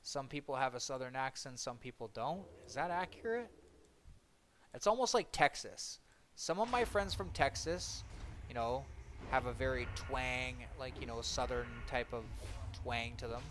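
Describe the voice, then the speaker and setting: A man's voice: medium pitch, very animated, moderate pace, a bit bright, slight background noise. A man from Ontario streaming a game, chatting casually and rambling while he answers viewers' comments. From Ontario, Canada. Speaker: gaming streamer. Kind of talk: casual chat with live chat while gaming.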